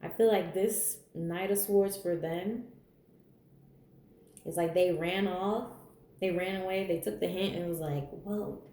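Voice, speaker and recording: A woman's voice: lowish voice, steady tone, a little slow, long pauses, warm tone, reverberant. A woman giving a general tarot reading in a blunt, candid, chatty way, swearing freely and laughing as she talks. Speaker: tarot reader.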